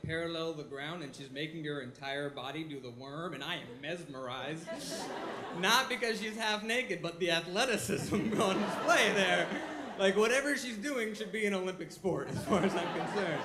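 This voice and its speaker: A young man telling a funny personal story on stage at a live show, self-mocking and laughing as he goes. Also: fairly high pitch. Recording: echoey live room with audience noise.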